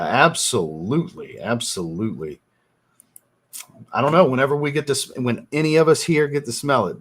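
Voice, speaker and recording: A man with a husky, slightly breathy voice talks casually into a desk mic during a livestream. He thinks out loud, unsure at times, and answers viewers' chat messages between his own thoughts. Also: lowish voice. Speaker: fragrance livestream host.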